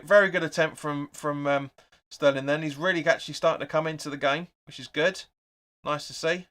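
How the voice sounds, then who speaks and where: A man's voice: fairly high pitch, brisk. A young man hosting a live football watch-along, chatting casually, calling the play and reading out viewer comments. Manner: chatty, reads out viewer comments, excitable at chances.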